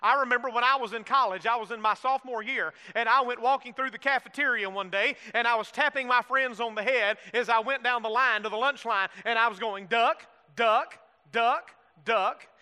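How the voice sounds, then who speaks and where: A man's voice: extremely high pitch, brisk, hardly any pauses, sharp tone, clear, resonant tone. A middle-aged man preaching a sermon, with call-and-response asides to the congregation, recorded in a large church with long reverb. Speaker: pastor.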